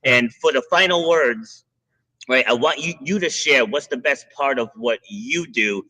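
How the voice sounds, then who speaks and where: A man hosting a podcast who tells a coaching story in a lively, casual way, chuckling now and then. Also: mid-range voice, measured pace, low-quality recording. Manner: animated anecdote with chuckles.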